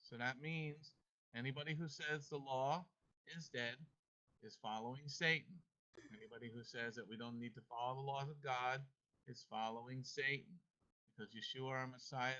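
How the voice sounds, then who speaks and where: A man's voice: mid-range voice, bright, forceful tone. A man leading an online devotional class, emphatic and playful as he coaxes his students along. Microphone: video call. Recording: muffled video-call audio.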